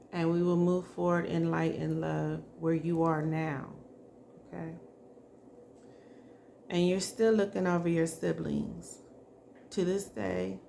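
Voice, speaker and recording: A woman doing a psychic spirit reading, speaking softly and emotionally and addressing the spirit directly. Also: fairly low pitch, creaky, a little hiss or hum. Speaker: psychic reader.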